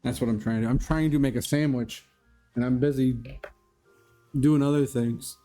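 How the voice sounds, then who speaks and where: A man's voice: medium pitch, steady tone, normal speed, warm tone, soft background music. A man live-streaming a video game, chatting casually with his viewers and laughing often. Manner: chatty, laughs often, talks to chat by name. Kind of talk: casual live-stream chat while playing.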